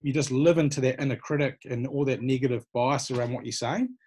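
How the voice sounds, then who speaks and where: A man's voice: mid-range voice, a little fast, darkish tone, husky. A man, a personal trainer from New Zealand, giving easygoing, encouraging answers in an interview. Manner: encouraging, easygoing, many fillers.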